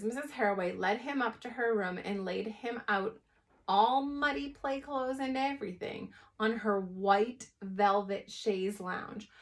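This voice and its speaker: A woman teacher reads a chapter book aloud to young children at a mid-range pitch. She reads expressively and stops now and then to explain a word in plain terms. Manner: expressive, adds plain asides.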